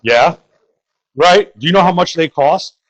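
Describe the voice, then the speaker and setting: A man's voice: fairly high pitch, animated, a little slow, rough recording. A young man from the Bronx doing crude, rambling open-mic stand-up and talking to the crowd. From New York (the Bronx). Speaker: stand-up comedian.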